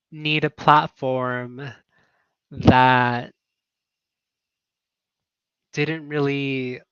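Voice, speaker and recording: Male coach on a casual live stream: earnest and emotional, bright tone, dry close sound. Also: mid-range voice, clean tone, dry recording, dull audio. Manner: earnest, emotional, many fillers and laughs. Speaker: online teaching business coach. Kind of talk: casual livestream chat.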